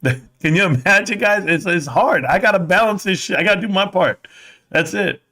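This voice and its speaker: A man's voice: on the high side, very animated, normal speed, bright, forceful tone. A man hosting a live stream, reading viewer comments aloud and chatting casually in a rambling, joking way. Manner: reads chat aloud, rambling and jokey.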